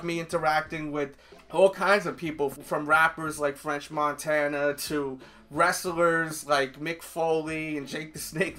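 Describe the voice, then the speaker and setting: A man's voice: fairly high pitch, bright, forceful tone. A man vlogging casually to camera, chatty and upbeat as he plugs his channel. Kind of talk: casual direct-to-camera pitch.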